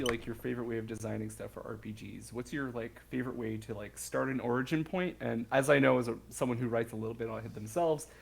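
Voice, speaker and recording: A man's voice: mid-range voice, creaky, breathy edge. A man co-hosting a casual chat who asks questions hesitantly, with many filler words. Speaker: co-host asking questions.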